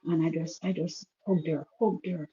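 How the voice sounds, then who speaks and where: A woman telling an emotional personal story in a halting way, restarting and repeating her sentences. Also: sits low, steady tone, mellow, lo-fi sound, a little hiss or hum.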